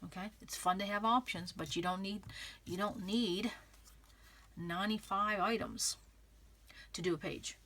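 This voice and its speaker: A woman's voice: mid-range voice, unhurried, long pauses, fairly bright tone. Chatty woman crafting and thinking aloud. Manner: chatty, thinks aloud, frequent "okay?" check-ins. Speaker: craft vlogger. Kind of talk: casual crafting tutorial, talking while working.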